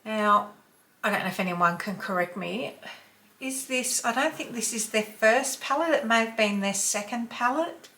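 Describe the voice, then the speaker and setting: An Australian woman in her fifties chatting through a makeup tutorial, sometimes dropping to a soft whisper while she blends. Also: a little high, normal speed. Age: 50s. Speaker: beauty vlogger.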